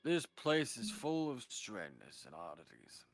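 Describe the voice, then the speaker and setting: A man taking part as a player in a tabletop role-playing game, speaking in a dry, deliberate way. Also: medium pitch, sing-song. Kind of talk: in-character tabletop role-play.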